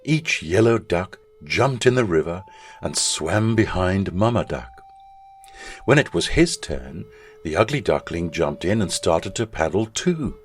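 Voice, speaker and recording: A man, a school chaplain, narrating a children's story in an expressive storytelling manner. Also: low-pitched, unhurried, slight background noise.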